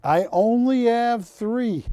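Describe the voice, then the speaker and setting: A man hosting a live shopping channel, pitching art to callers with persuasive repetition. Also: slow pace, warm tone, no echo. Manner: persuasive, repeats words for emphasis. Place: TV studio.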